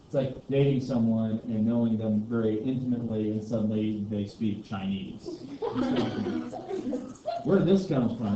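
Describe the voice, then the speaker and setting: A man teaching a history class in a loose, rambling way, full of asides and fillers. He is picked up from across an echoey room, and the recording sounds dull and muffled with steady background noise. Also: mid-range voice, moderate pace, distant mic. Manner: chatty, rambling, heavy on "you know" and "like". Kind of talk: classroom lecture with discussion. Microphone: distant room mic.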